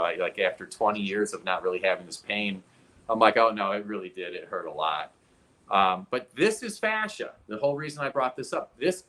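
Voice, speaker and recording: A man in his forties speaks as an interview guest in a fairly low voice. He tells his own story with energy and demonstrates the movements with his arm and hand. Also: a bit bright. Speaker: guest expert.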